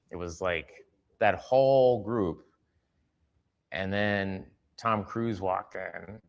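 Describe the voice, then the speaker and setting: A man telling a story from a film set in an interview clip, slipping into quick impressions of the people in it. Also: sits low, a bit bright.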